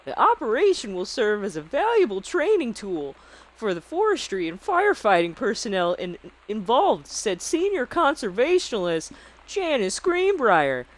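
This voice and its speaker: A man with a Canadian accent putting on a higher-pitched newsreader voice. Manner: exaggerated, chirpy newsreader delivery. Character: flirty high-voiced man reading the local news. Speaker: game streamer.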